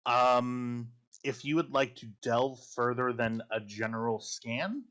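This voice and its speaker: A man with a Midwestern American accent narrates a tabletop game as its game master. He talks at a middling pitch, hesitant, with many ums and restarts. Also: slow, fairly bright tone. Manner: hesitant, lots of ums and restarts, laughs often.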